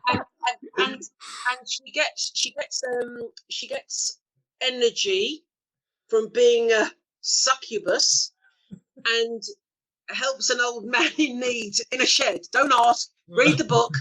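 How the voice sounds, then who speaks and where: A woman's voice: a little high, slow pace, bright, forceful tone, rough recording. A woman in her fifties, an actress guest, telling bawdy anecdotes in a chatty, laughing way during a casual interview.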